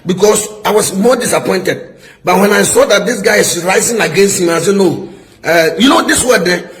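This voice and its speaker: A man's voice: sits high, normal speed, poor audio. A middle-aged man, a prophet, scolding a rival in an emphatic, repetitive preaching style. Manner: emphatic, repetitive, asks "is somebody getting my point?". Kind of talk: preaching-style public rebuke.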